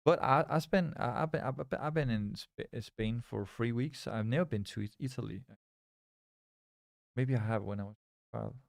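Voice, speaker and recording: A man's voice: mid-range voice, normal speed, gravelly, dry recording, studio quality. A young man from Scandinavia, chatting casually on a live trading stream, rambling and restarting his sentences. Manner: rambling, repeats words and restarts, reads chat aloud.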